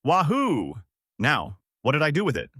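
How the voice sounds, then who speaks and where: A man's voice: mid-range voice, big pitch swings, moderate pace, fairly bright tone, dry recording, studio quality. A man voicing a lecherous, playful old male martial arts master with a drawling, hesitant delivery.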